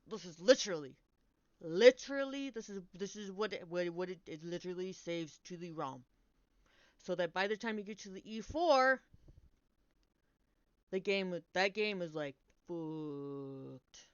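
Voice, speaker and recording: A young woman chats to her stream in a smooth, resonant voice, rambling animatedly through a story, swearing freely and cutting herself off mid-sentence. The mic sounds dry and a little dull, like lo-fi stream audio. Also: on the low side, expressive, measured pace, no echo. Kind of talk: casual storytelling chat.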